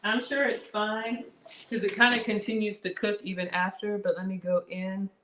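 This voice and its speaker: A cooking channel host with a mid-range, fairly flat voice chats through a livestream from her home kitchen at a moderate pace, with noisy surroundings. She talks straight to viewers and reads out their comments.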